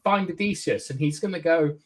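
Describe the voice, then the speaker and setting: A man guest in a casual film review chat, jokey and quick with tangents, swearing freely. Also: fairly high pitch.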